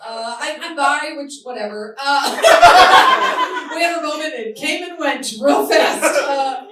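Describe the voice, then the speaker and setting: Woman, stand-up comic, from Boston, fairly high voice, candid, laughs often, echoey club, distant mic. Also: very animated, takes it slowly, over a noisy crowd. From Boston area. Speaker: stand-up comedian. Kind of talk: stand-up comedy. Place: comedy club stage. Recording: roomy live club, heard from afar.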